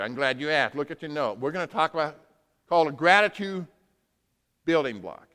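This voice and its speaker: A male pastor preaching a sermon, moving between quiet asides and loud, emphatic bursts. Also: high voice, lively intonation, fast, clear, resonant tone. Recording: long hall reverb.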